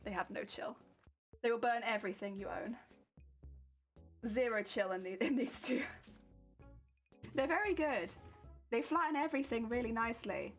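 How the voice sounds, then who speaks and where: Young woman chatting on a craft stream, slightly high voice, laughs a lot, faint music behind. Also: normal speed, long pauses. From Wales. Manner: chatty, laughs often, reads chat aloud. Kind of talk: casual livestream chat while crafting.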